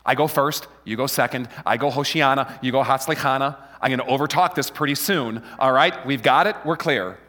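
A man preaching a lively Palm Sunday sermon into a handheld mic, joking with and rallying his congregation. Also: medium pitch, a little fast, few pauses. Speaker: pastor. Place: church hall with a live congregation. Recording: long hall reverb.

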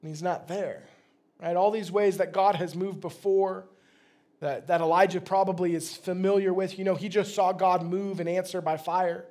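A man's voice: high voice, fairly even intonation, moderate pace, darkish tone. A man, a pastor, delivering a sermon in a conversational, plain-spoken way.

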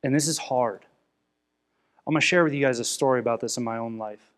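A young adult man preaching a sermon, earnest and emotional, swinging from emphatic scripture readings to quiet personal confession. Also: mid-range voice, a little fast. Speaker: pastor.

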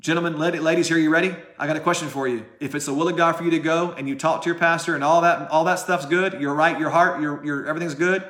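A man's voice: on the high side, steady tone, quick pace, hardly any pauses, fairly bright tone, roomy sound. A man preaching a sermon straight to camera, passionate and direct, firing rhetorical questions at the listener. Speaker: pastor.

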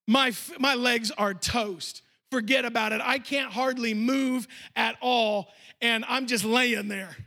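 A man's voice: very high voice, bright, forceful tone. A man preaching a sermon as pastor, telling a story and speaking directly to the congregation. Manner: storytelling, emphatic, addressing the congregation. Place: church.

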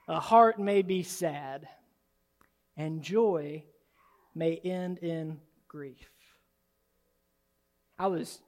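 Pastor, male, higher-pitched, animated sermon delivery. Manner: animated, swings from soft and low to loud and high. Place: church sanctuary.

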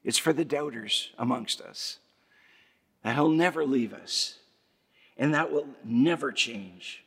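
A man's voice: medium pitch, takes it slowly, gravelly, fairly bright tone, husky. A man preaching a sermon as pastor, building emphasis through repeated phrases and rhetorical questions. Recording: long hall reverb.

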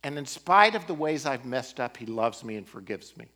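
Animated male pastor preaching. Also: mid-range voice, normal speed. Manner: animated, rising and falling emphasis with occasional laughs. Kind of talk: sermon.

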